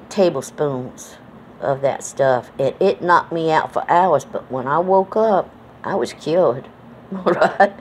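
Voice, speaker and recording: A middle-aged woman from New England reminisces in a casual vlog monologue, her low-pitched voice a little mellow over slight background noise. She rambles in a folksy way with many fillers, her accent a mix of Southern and New England American.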